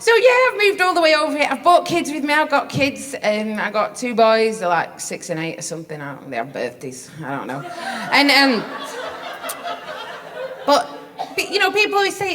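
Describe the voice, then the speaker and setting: A woman's voice: high-pitched, big pitch swings, normal speed, fairly bright tone. A woman from England with a Northern English accent, doing a stand-up comedy set on stage, brash, sweary and self-mocking. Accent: Northern English, Rochdale. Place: comedy venue stage with a live audience.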